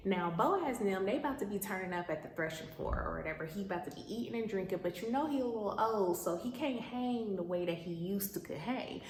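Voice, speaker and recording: Animated slangy woman podcast host. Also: mid-range voice, fairly quick, hardly any pauses, reverberant, slight background noise. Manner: animated, slangy, laughing asides. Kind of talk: comic Bible-story retelling.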